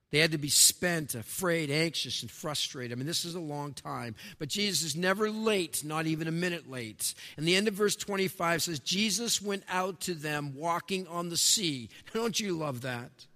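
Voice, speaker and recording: A man preaching a sermon as pastor, swinging between emphatic raised lines and hushed, quiet ones. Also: fairly high pitch, in a large hall.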